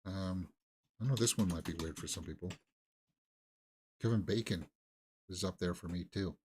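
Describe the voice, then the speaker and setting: A man co-hosting a movie talk show, chatting casually and thinking aloud with halting restarts. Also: sits low, darkish tone, a little hiss or hum. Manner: musing, halting, with fillers and restarts. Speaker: movie news co-host. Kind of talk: casual chat.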